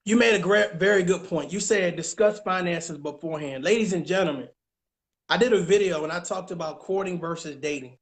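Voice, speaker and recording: A man gives relationship coaching in casual advice talk, speaking emphatically and repeating phrases while repeatedly checking that listeners understand. His voice sits high, and he talks a little fast.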